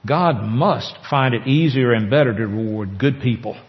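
A man preaching a sermon as pastor, earnest, with slow emphatic pauses. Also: medium pitch. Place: church sanctuary. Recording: echoey church hall, dull lo-fi sound.

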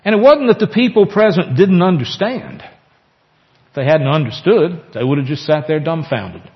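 A man preaching a sermon as pastor, earnest, with slow emphatic pauses. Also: a little high, expressive. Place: church sanctuary. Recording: echoey church hall, dull lo-fi sound.

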